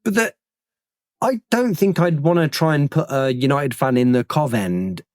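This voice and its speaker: A man's voice: fairly high pitch, expressive, moderate pace, a little mellow, dry recording, studio quality. A man hosting a football podcast, chatting casually with many fillers and restarts. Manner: rambling, full of fillers and restarts. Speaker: podcast host. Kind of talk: casual chat.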